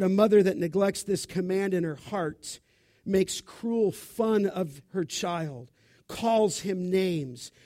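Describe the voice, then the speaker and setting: A man preaching a sermon, with an animated, expressive delivery. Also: high-pitched.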